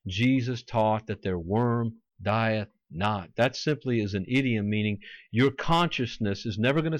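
A man's voice: on the low side, no echo, lo-fi sound. A man preaching a fervent sermon, quoting scripture and acting out mocking voices.

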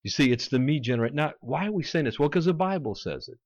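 A man's voice: fairly high pitch, animated, fast, no room sound, highs cut off. A man preaching a fervent sermon, quoting scripture and acting out mocking voices.

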